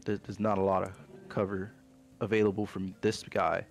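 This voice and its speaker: A man's voice: low-pitched, flat delivery, moderate pace, gravelly. A young man running a tabletop game as game master, explaining rules casually and patiently over a voice call.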